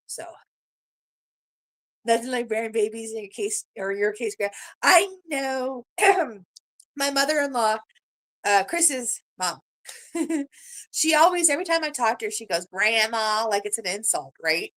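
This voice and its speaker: Middle-aged canadian grandma rambling on her livestream, kinda high voice, lots of ums. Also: lively intonation, a little slow, long pauses, fairly bright tone. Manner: chatty, gushing, rambling with many fillers. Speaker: livestream host. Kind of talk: casual live-stream chat.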